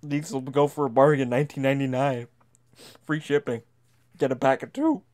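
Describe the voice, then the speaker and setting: A man doing a raccoon TV pitchman. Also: fairly even intonation, moderate pace, a little mellow, natural voice. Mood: salesy. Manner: pitchman patter. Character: baby raccoon hawking its sharp teeth like a TV salesman.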